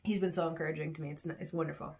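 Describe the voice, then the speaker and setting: A woman's voice: low-pitched, rapid-fire. Tired woman venting in a vlog. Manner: venting, animated when recounting, quiet when reflecting. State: tired and sore after a workout. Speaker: vlogger. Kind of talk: rambling personal vlog.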